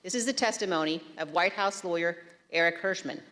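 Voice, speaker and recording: A woman on a committee giving a formal closing statement, measured, with some hesitant fillers. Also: on the low side, a bit bright, long reverb tail. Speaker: committee member.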